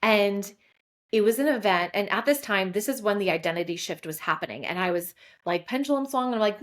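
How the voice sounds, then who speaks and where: A woman's voice: mid-range voice, fairly quick. A woman, hosting a solo podcast and telling a personal story candidly and emotionally, full of casual fillers. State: close to tears at times. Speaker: podcast host.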